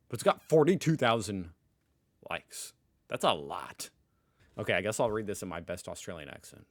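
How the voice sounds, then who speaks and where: An American man in his thirties hosting a reaction video with casual commentary and joking, sarcastic asides. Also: fairly low pitch. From United States.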